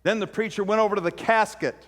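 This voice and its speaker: High-pitched guy preaching, storytelling style, big echoey church sound. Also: quick pace, fairly bright tone. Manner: storytelling, acts out quoted preacher with rising intensity. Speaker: pastor. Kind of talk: sermon. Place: church sanctuary.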